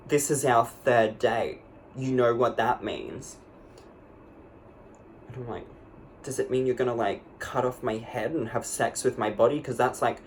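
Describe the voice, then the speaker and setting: A man's voice: mid-range voice, natural voice. A man playing a rambling girl vlogger. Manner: rambling, lots of "like", breathless and dramatic. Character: young woman vlogger telling a dramatic storytime. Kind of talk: comedic storytime monologue.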